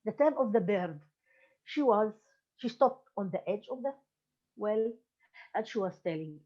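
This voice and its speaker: A woman tells a folk tale over a video call, her voice lively and animated. The call audio sounds a little muffled. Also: medium pitch, measured pace, long pauses. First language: Arabic. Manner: lively, mixing in chanted rhymes. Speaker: storyteller.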